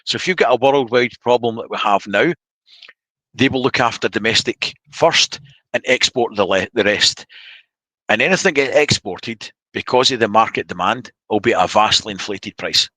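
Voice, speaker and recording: A man's voice: fairly low pitch, moderate pace, pushed and bright, no room sound, poor audio. A man hosting a casual live-stream chat, blunt and opinionated with joking banter. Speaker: podcast host.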